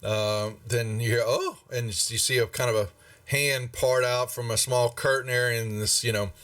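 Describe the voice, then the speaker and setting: A man running a tabletop game as game master, narrating in a halting way with lots of fillers. His voice sounds dry and a little off the mic. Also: mid-range voice, steady tone, fairly bright tone, dry recording, recorded from a distance.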